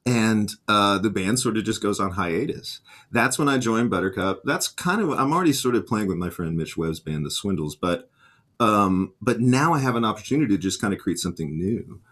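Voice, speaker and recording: A middle-aged man, a guitarist and music teacher, telling lively anecdotes in a casual interview and acting out the voices of the people he quotes. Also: lowish voice, normal speed.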